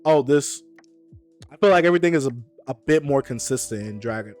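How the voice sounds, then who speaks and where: A man hosting a stream in casual chat, animated and teasing, quick to argue his point. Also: mid-range voice, soft background music. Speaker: streamer host.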